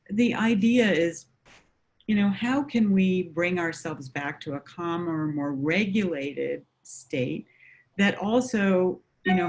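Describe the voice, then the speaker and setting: A woman counselor talking through coping ideas in a conversation. She explains in a measured way, with frequent fillers. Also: sits low. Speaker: mental health counselor.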